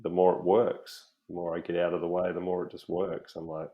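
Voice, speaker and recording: A man in his forties, a guest talking relaxed and reflective in an interview. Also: deep voice, fairly quick, muffled recording. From Australia. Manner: relaxed, reflective, many fillers. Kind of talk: casual conversational interview.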